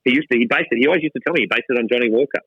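A man's voice: mid-range voice, rapid-fire, breathy edge, no echo, muffled recording. A middle-aged Australian man talking casually and irreverently as an interview guest, mocking himself and restarting often. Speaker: gin company co-founder, guest. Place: gin distillery lab.

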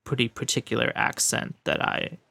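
A man's voice: moderate pace, bright, forceful tone, no echo. A man in an improv comedy scene, talking politely and hesitantly, with plenty of ums and restatements. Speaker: improv scene partner playing an Earth negotiator.

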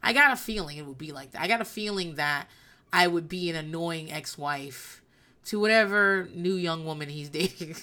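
Brief: woman, 30s, solo podcast host, low-set but bright and forceful voice, profane and rambling. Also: normal speed. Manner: blunt, profane, rambling storytelling. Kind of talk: candid solo monologue.

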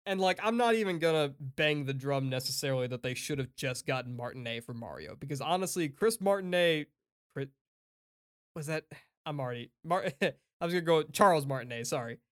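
Guy chatting casually, kinda high voice, opinionated, laughs a lot, swears. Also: animated, a little fast. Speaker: podcast co-host. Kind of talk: casual chat.

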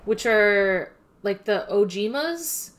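A woman's voice: mid-range voice, animated, takes it slowly. A woman with a mid-range voice chatting casually about an episode as a podcast co-host. She talks in a loose, friendly way, dropping in fillers as she adds details. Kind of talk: casual anime episode recap chat.

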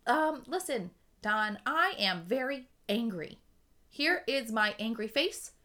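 A woman playing a naive 1960s suburban housewife, speaking in a flat, overly literal deadpan in a comedy improv scene. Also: fairly high pitch, takes it slowly, full character voice.

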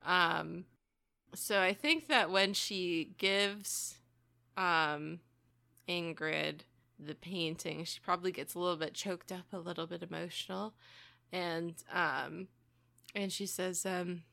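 A woman playing a tabletop role-playing game, talking slowly and hesitantly with many fillers. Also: on the low side, vocal fry, bright, forceful tone, no echo. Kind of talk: casual tabletop role-play.

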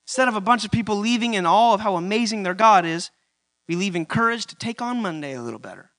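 A man preaching a church sermon, building to loud emphatic peaks and repeating his key lines. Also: high-pitched, expressive, fast. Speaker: pastor.

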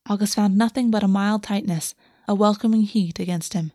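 A woman reading a fantasy romance aloud as narrator, in a soft, steady storytelling voice on a close microphone. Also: mid-range voice, fairly quick, no echo. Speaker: audiobook narrator. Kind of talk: scripted narration.

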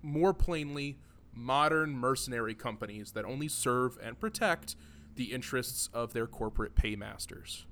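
A man's voice: mid-range voice, moderate pace, a bit bright, slight background noise. A man hosting a casual podcast, rambling and joking, often laughing between points. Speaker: podcast host.

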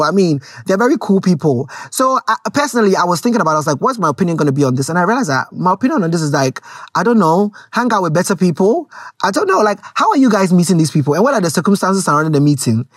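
A woman's voice: lowish voice, slightly rough, no room sound, studio quality. A woman with a Ghanaian accent gives frank, rambling casual commentary to her viewers, slipping Twi words into her English.

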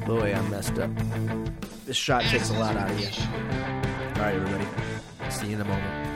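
A man's voice: on the low side, steady tone, normal speed, pauses often, over loud music. A tired man co-hosting a podcast in loose, crude, joking chat that trails off and restarts. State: worn out and tired. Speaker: podcast co-host. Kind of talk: casual chat.

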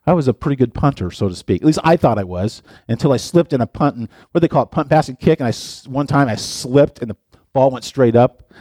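A man's voice: mid-range voice, lively intonation, quick pace, dark tone, no echo, clean studio sound. A middle-aged man, a pastor, giving a playful, chatty sermon and talking directly to his listeners. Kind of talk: casual sermon.

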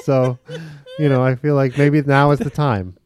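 A man's voice: medium pitch, flat delivery, moderate pace, darkish tone. A man co-hosting a podcast in casual chat, joking and mock-indignant in banter. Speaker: podcast co-host.

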